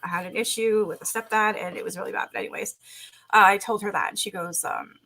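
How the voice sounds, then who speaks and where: Young woman host, bright-toned, rambling live-chat storyteller with lots of "um"s and restarts. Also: mid-range voice, fairly even intonation, fast. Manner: rambling, with many fillers and restarts. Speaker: livestream host.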